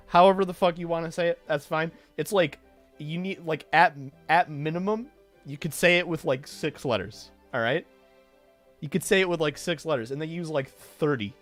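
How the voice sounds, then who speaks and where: A man's voice: on the high side, normal speed, fairly bright tone, faint music behind. A man streaming a game and chatting casually, breaking into heated, swearing rants. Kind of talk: casual gameplay commentary.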